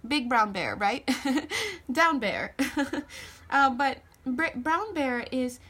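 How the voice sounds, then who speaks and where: A woman's voice: high voice, sing-song, drawn-out words, bright, forceful tone, breathy edge. A woman giving a casual spiritual tarot reading to camera, chatty and joking with viewers, often restarting her sentences. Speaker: tarot reader.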